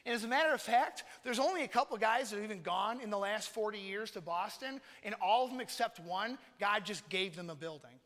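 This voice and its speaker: A man's voice: high-pitched, brisk, few pauses, a bit bright. A man in his thirties preaching a conversational sermon as a missionary, telling a personal story earnestly and calling on listeners by name. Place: church hall. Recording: long hall reverb.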